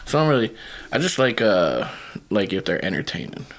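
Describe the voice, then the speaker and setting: Man, low voice, lively pitch, casual podcast chat, rambling, restarts sentences. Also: a little fast, gravelly. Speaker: comedian, podcast guest.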